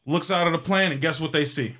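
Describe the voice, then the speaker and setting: A man's voice: a little high, quick pace, sharp tone. A man hosting a show who tells a long joke in a rambling, casual way, swearing freely and filling his speech with ums. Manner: rambling and profane, with frequent fillers. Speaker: show host.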